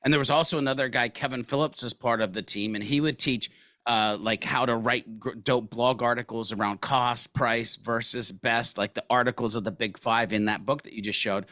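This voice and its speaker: A man speaks as an interview guest, his voice bright and forward. He tells stories in a casual, slangy way and acts out other people's lines. The sound is dry and close, with no room echo. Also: mid-range voice, normal speed. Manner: animated storyteller, casual slang, acts out quotes. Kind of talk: conversational business interview.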